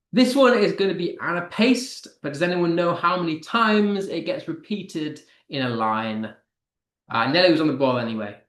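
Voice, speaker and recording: A man's voice: fairly high pitch, a bit bright. British male teacher, encouraging, stresses verse, echoey room. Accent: British English. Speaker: English teacher. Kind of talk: live online lesson.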